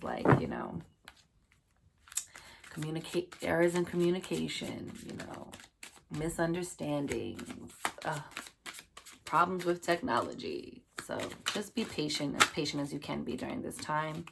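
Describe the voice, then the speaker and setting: A woman's voice: low-pitched, sing-song, unhurried, creaky, background noise. A woman giving a casual tarot reading to her viewers, chatty and loose, full of "like" and "you know", speaking to her audience fondly. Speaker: tarot card reader.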